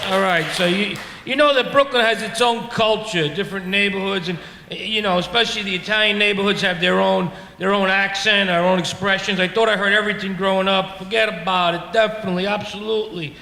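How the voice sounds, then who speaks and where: Onstage at a brewery before a live audience, a man with a New York accent does brash stand-up full of profanity and jokes at his own expense. He speaks fairly quickly in a high, steady, bright voice with a forceful tone, in an echoey hall filled with the crowd's laughter.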